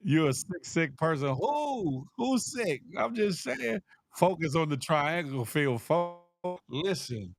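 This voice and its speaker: Guy hosting a live stream, kinda high voice, playful and teasing the chat, dry close mic. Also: sing-song, slow, creaky, no room sound, soft background music. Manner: playful, teasing, laughs often. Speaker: livestream host reading chat. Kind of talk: casual livestream chat.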